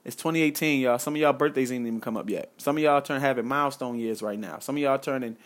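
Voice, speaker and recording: Young guy preaching life advice to his viewers, earnest and slangy, mid-pitch voice, keeps repeating himself, lots of man and y'all. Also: fast. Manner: casual slangy speech with frequent "man" and "y'all". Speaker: vlogger giving life advice. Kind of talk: impassioned direct-to-camera monologue.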